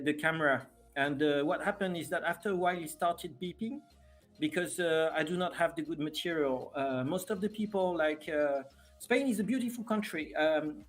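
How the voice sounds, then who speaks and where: A man with a French accent chatting casually on a live stream, hesitant and self-deprecating. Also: on the high side.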